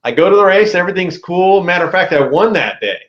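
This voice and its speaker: Animated man telling a story, roomy sound. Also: high-pitched, fast, lo-fi sound. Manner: animated, slangy, says dude a lot. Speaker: podcast guest. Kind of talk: casual storytelling.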